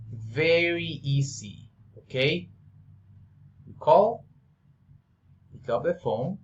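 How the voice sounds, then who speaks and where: A man teaching English, slowly drilling example phrases and repeating them for the listener to practice. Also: medium pitch. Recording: dull, lo-fi sound.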